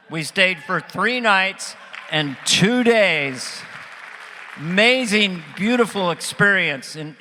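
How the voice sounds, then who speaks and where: A man doing stand-up at a private event, telling a story in an animated, self-mocking way, heard in a reverberant hall. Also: a little high. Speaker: stand-up comedian. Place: event stage. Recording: reverberant hall with faint music.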